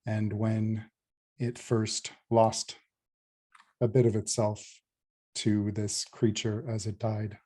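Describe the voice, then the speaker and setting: A man's voice: lowish voice, little pitch movement, slow, pauses often, warm tone. A man player narrating a flashback in a tabletop game, hesitant and restarting.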